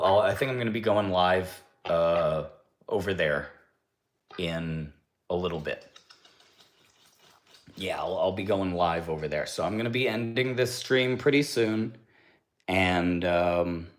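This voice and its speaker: A man hosting a casual livestream, cooing to his pet duck in baby talk and thanking viewers for their comments. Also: deep voice. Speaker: livestream host.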